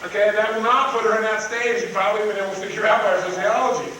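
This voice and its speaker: A man in his twenties giving a live seminar talk, animated, swinging between loud points and hushed tender tones, recorded from a distance in a large room. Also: high-pitched, very fast. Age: 20s. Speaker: seminar speaker. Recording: very echoey, distant, noisy old live recording.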